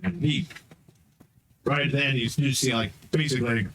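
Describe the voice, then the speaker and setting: A man's voice: normal speed, fairly bright tone, rough recording. Casual male game master, rambling narration with a faint hiss behind him. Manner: casual, rambling, jumps into high-pitched voices for characters.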